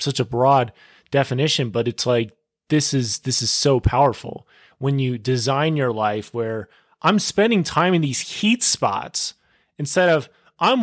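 An upbeat young man talks casually on his solo podcast. His voice sits at a middle pitch and is recorded dry, with no room sound. He is eager and chatty, with lots of filler words. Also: dry recording. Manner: excitable, upbeat, full of filler words and "dude". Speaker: podcast host.

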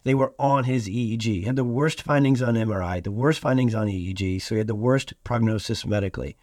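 A man's voice: on the low side, quick pace, a little mellow, dry recording, clean studio sound. A middle-aged man from Iowa hosting a podcast, speaking in an earnest, emphatic, almost preacher-like way. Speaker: podcast host. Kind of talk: podcast monologue.

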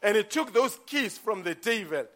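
A man's voice: high voice, animated, moderate pace, a bit bright. A man preaching an impassioned sermon who dramatizes the stories he tells.

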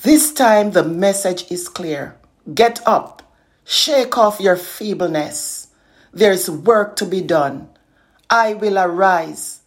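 A middle-aged woman slowly reciting a devotional poem, earnest and consoling. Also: lowish voice. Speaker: poet and inspirational speaker.

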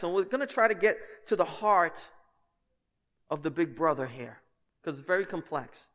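Male pastor preaching hard, kinda high voice, gets loud and emphatic, big hall echo. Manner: passionate, emphatic preaching that climbs in pitch and volume; conversational asides to the congregation. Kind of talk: sermon. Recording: long hall reverb.

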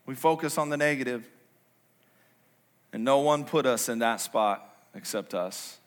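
A man preaching a sermon as pastor, conversational and playful, swinging between quiet low stretches and loud high bursts. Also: unhurried, smooth. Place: large church sanctuary.

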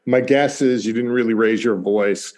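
A man hosting an interview, brisk and guiding, with a joking edge. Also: medium pitch, a little mellow. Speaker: host. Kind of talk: casual interview talk.

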